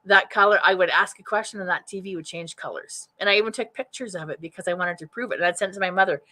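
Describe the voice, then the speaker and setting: A woman's voice: fairly low pitch, fast talker, sharp tone. A woman doing a live-streamed psychic reading, casual and rambling, restarting sentences as she thinks aloud. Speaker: psychic medium. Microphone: webcam or computer mic.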